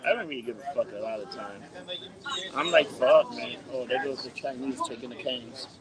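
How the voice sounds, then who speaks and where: A man's voice: mid-range voice, fairly quick, over a noisy crowd. A man co-hosting a podcast and joking around in a loose, profane way. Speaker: podcast co-host and bartender. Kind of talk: casual chat.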